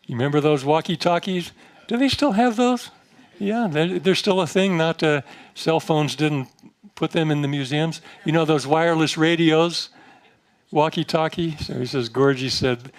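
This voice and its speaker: Gentle man telling a spiritual story. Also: a little high. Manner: storytelling, gentle, frequent fillers and soft laughs; slows to a measured, guiding pace for meditation instructions. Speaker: monastic spiritual leader giving a talk. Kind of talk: informal spiritual talk to a gathering.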